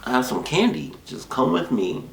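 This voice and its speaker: A man's voice: medium pitch, big pitch swings, moderate pace, gravelly, a little hiss or hum, voice pushed up. A man putting on a crude, growly fake-pirate voice to play a creepy grown man luring kids. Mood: mock pirate. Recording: echoey room.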